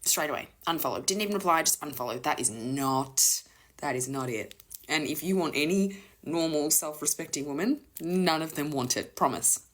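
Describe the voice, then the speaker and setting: A woman's voice: deep voice, moderate pace, a bit bright. A woman ranting to camera, exasperated, slipping into half-whispered asides. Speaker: woman ranting about men online. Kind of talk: rant to camera.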